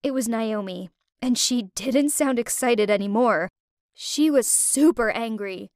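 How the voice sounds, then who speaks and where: Casting: young woman storyteller, high voice, dry close sound, emotive first-person telling. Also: unhurried, darkish tone, dry recording.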